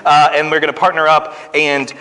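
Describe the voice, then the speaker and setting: Brief: pastor, man, animated storyteller, high and lively voice, long church-hall reverb. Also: a little fast. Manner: animated storytelling, folksy teaching. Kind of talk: children's story reading and sermon. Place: church sanctuary.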